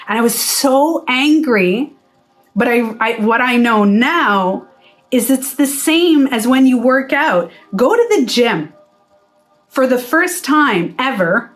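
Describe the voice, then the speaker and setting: Speaking slowly in a slightly high, animated voice, a wellness coach chats with her live-stream viewers from indoors while faint music plays behind her. She is candid, cursing freely and acting out how she reacted.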